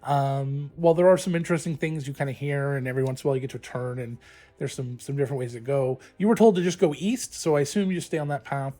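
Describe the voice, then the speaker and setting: Halting male game master, many fillers. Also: medium pitch, warm tone. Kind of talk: narrating a tabletop game live.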